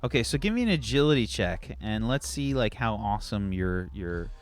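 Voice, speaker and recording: A man's voice: lowish voice, big pitch swings, normal speed, faint music behind. A man narrating as game master, rambling through descriptions with lots of "like" and restarts. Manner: rambling, full of "like" and restarts, laughs along.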